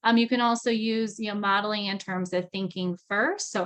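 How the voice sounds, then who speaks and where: A woman in her thirties giving a parenting training talk, chatty, with frequent "right?" checks, acting out parent and child lines in a lively voice. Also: mid-range voice, a little fast, smooth. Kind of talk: recorded training lecture.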